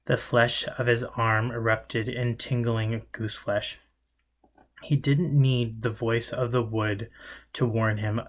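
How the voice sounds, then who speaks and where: A man in a middle pitch reading a novel aloud, steady narration broken now and then by slips he fixes on the spot. It sounds like an amateur audiobook reading. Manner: occasional slips and self-corrections. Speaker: audiobook reader.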